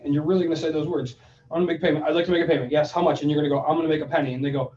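A man's voice: a little high, rapid-fire, echoey room. A man co-hosting a casual money talk, telling stories and acting out both sides of phone calls. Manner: animated storyteller, acts out phone calls. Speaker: podcast co-host giving money advice. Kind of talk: casual chat. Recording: distant mic, dull lo-fi sound.

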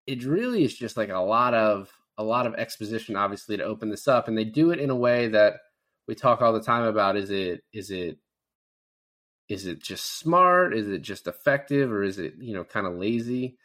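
Thirtysomething guy co-hosting a movie podcast, kinda low, rambles. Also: fairly quick, fairly bright tone. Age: 30s. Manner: loose and rambling, many fillers and restarts. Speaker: podcast co-host. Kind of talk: casual movie review chat.

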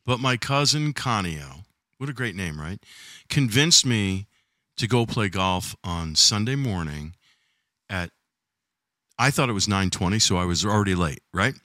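A man co-hosting a relaxed talk show, teasing and laughing as he tells his stories. His voice is bright and lively, with his pitch rising and falling widely. It sounds close and dry. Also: a little slow, no room sound. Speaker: co-host. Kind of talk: casual chat. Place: cottage living room by a fireplace.

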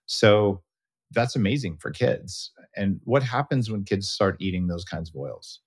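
A man's voice: measured pace, slightly rough, dry recording. A middle-aged man hosting a casual interview, telling stories animatedly and quoting his children in a raised voice. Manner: animated storyteller, quotes his kids in a high voice. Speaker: podcast host.

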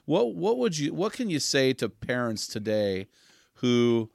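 A man's voice: mid-range voice, sing-song, a little slow, gravelly, darkish tone, no echo, clean studio sound. A man hosting an interview, asking questions with hesitant restarts. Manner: hesitant, repeats words when asking. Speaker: host.

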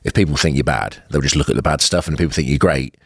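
A co-host with a very deep, husky voice talks fast and rambles with lots of fillers. The recording is dry and close. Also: male voice, no room sound. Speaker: podcast co-host. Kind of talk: casual chat.

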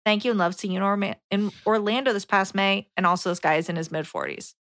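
A young woman co-hosting a podcast, reading a listener letter aloud and adding calm, wry remarks. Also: mid-range voice, fast talker, dry recording, studio quality. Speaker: podcast co-host.

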